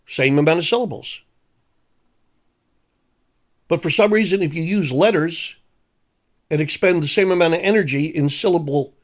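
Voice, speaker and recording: An older man delivering a blunt, sarcastic, profane ranting monologue. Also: fairly high pitch. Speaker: commentator.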